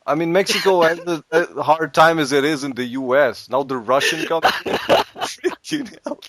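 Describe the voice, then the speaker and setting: A man's voice: on the high side, steady tone, brisk, fairly bright tone, dry recording. A man in casual comedic chat, joking, laughing often and stammering through restarts.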